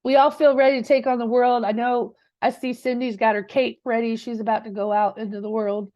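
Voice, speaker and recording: A woman's voice: on the high side, level tone, fairly quick, dark tone, no echo. A woman coaching a live class in a direct, conversational way, often checking in with her listeners. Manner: direct, conversational, with many rhetorical 'right?'s. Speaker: real estate coach. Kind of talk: live teaching session.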